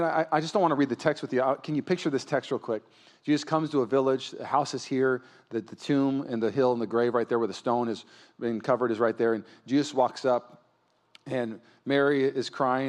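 A male pastor delivering a sermon in a church, moving from quiet storytelling to loud, impassioned preaching. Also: medium pitch.

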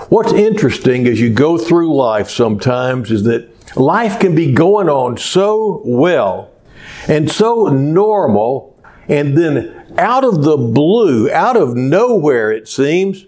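A pastor preaching a sermon to a small church, reading scripture and then speaking in a measured way, lifting his voice for emphasis. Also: mid-range voice, a little mellow.

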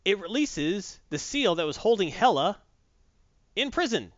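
Animated man recapping a movie. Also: high voice, measured pace, no room sound. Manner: animated storytelling with acted quotes. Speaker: movie reviewer. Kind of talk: casual chat. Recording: dull lo-fi dry recording.

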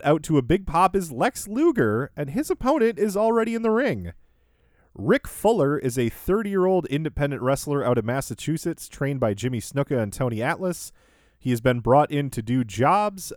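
A man hosts a podcast and walks through the show beat by beat in a relaxed, chatty way, chuckling now and then. His voice sits at an ordinary middle pitch. The sound is close and dry, with no room around it. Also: no room sound. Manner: recaps events in order, laughs easily. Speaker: podcast host. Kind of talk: casual recap chat.

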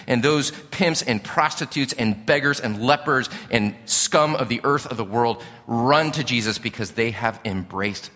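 A man's voice: mid-range voice, bright, forceful tone, in a large hall. A male pastor preaching a sermon in an earnest, pleading, emphatic way, with rhetorical questions.

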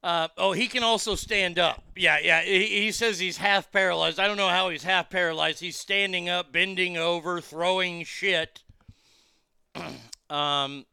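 A man rants through a crude, furious commentary from his car. His voice is high and gravelly yet bright and clean. It sounds very dry and close. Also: steady tone, moderate pace, no room sound. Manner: angry, crude, blunt, heated. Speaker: streamer reacting to a news clip. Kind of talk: profane ranting commentary.

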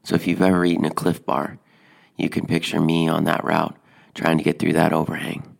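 Deep, gravelly man with a flat, deadpan delivery, telling a personal story with plenty of ums. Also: a little fast. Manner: deadpan, hesitant with fillers.

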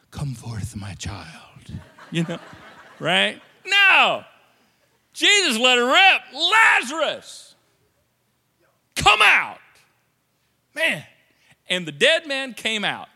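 A man's voice: sits high, sharp tone. A man preaching a sermon as a pastor, conversational and playful, often acting out quotes in different voices. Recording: long hall reverb.

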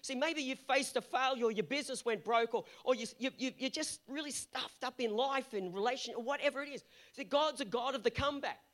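A man's voice: very high-pitched, a little fast, fairly bright tone. A male pastor delivering an earnest sermon that builds to emphatic peaks.

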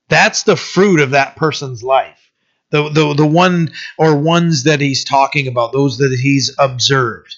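Bright-voiced pastor preaching casually. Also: male voice, fairly high pitch, measured pace. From United States. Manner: informal storytelling sermon, loose and personal. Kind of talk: conversational sermon. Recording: dull lo-fi recording.

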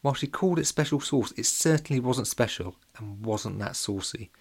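A man's voice: medium pitch, normal speed, breathy edge. A man narrating a children's audiobook in a playful, jokey way. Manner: playful and jokey, with lively voices.

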